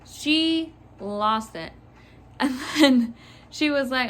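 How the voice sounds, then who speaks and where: A woman who works in retail telling a casual storytime about a customer, animated and often laughing. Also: sits high, very slow. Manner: animated, laughing, mimicking others. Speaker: retail store worker.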